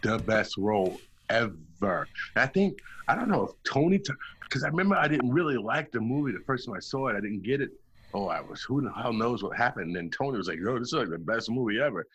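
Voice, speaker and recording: Male, husky and bright-toned, casual emphatic talker, heavy profanity. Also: medium pitch, very animated, a little fast. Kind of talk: casual chat.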